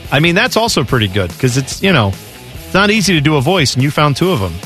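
Lively-voiced male sports radio host. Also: a little high, quick pace, faint music behind. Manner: reads listener questions, laughs often. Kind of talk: casual sports radio banter.

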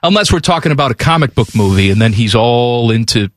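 Animated male sports radio host. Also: mid-range voice, fast, no echo. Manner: teasing, animated banter.

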